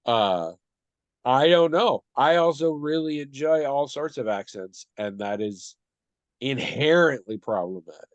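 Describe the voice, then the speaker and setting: A man's voice: mid-range voice, lively intonation, no room sound, highs cut off. Thoughtful man in casual discussion. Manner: thoughtful, measured, hedging. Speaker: podcast co-host.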